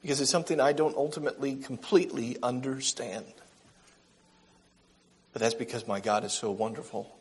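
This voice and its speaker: A man preaching a gentle, earnest sermon, slowing down for emphasis and reading a story aloud. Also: mid-range voice, steady tone, breathy edge.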